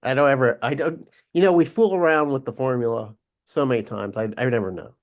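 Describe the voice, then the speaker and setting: A man co-hosting a casual sports podcast, chatty and quick to laugh, often restarting his sentences. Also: medium pitch. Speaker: podcast co-host.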